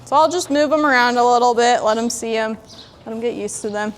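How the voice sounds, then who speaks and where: A woman horse trainer in a sandy arena, calmly explaining while she works a young horse and talks to it. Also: on the high side, a little fast, a little hiss or hum. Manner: calm, plainspoken, talks to the horse in between. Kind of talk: training demonstration.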